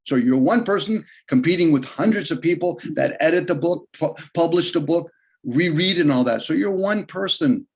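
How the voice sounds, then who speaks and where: A man talking on a video call in a casual, rambling way, arguing his points and often jumping in pitch for emphasis. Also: expressive, moderate pace. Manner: rambling, argumentative, shifts pitch often for emphasis and quoted voices.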